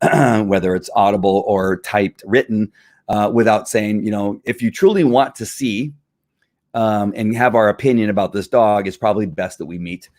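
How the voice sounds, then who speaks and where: Middle-aged male dog trainer, casual and animated, low voice, dry close-mic sound. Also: no room sound. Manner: animated, acts out owners in higher voices, laughs often. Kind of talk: casual livestream talk.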